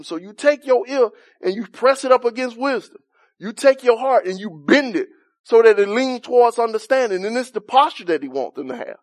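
A man with a noticeably high voice leads a Bible study as a relaxed, conversational sermon. He makes his points by repeating phrases and wandering into personal stories. The recording is close and dry.

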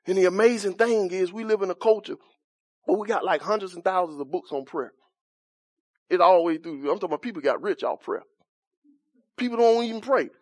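A man preaching an impassioned sermon in informal church speech, swinging from loud shouts down to quiet, soft lines. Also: sits high. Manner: impassioned, rising to shouts then dropping soft.

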